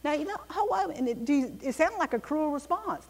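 A woman teaching a Bible class in an animated, emphatic way, with a reverberant room around her. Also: high voice, fairly quick, hardly any pauses.

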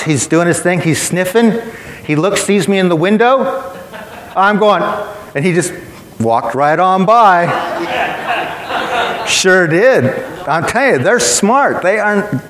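A man's voice: high voice, fairly bright tone, reverberant, long reverb tail, a little hiss or hum. A man preaching a sermon in a church, emphatic and matter-of-fact, telling stories to make his point.

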